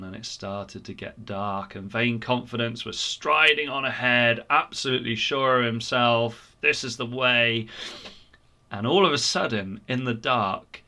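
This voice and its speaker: Male church storyteller for children; bright, expressive, unhurried. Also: mid-range voice. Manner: animated, expressive.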